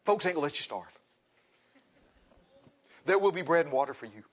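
A man preaching a sermon in a folksy way, dropping to hushed asides and rising to loud exclaims. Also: a little high, expressive, brisk. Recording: dull lo-fi sound.

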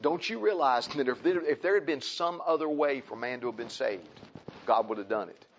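Man, preacher, impassioned sermon, repetitive, middle pitch, muffled lo-fi sound. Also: expressive, a little fast, a little hiss or hum. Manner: impassioned, repetitive, swings from loud emphasis to quiet pleading. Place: church. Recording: dull lo-fi recording.

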